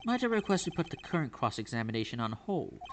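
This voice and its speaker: A man voicing a flustered, excitable old male judge in a video game, stammering and calling out loudly. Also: fast talker, a little hiss or hum. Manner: high, loud, stammering exclamations. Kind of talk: reading game dialogue aloud.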